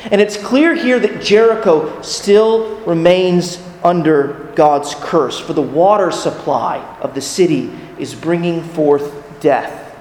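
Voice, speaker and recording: A man's voice: a little high, slow pace, a little mellow, slight background noise. A man preaching a sermon as a pastor, earnest in tone, putting rhetorical questions to his listeners. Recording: echoey hall with long reverb.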